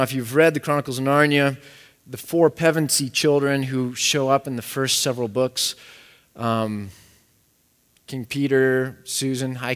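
A man preaching a sermon in an earnest, searching way, often restarting his phrases. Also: medium pitch. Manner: earnest, repeats words as he restarts. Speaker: pastor. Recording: echoey hall.

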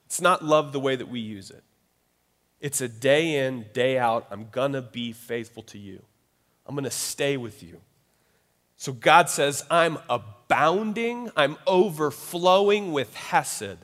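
A man's voice: medium pitch, measured pace, a bit bright. A man preaching a sermon as pastor, in a conversational style with frequent asides to the listeners. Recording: long reverb of a large hall.

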